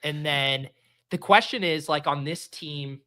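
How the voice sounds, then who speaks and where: Bright-voiced man talking fantasy football. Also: on the high side, a little slow. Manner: laid-back, thinks aloud with fillers and restarts. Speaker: podcast host. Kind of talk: casual fantasy football chat.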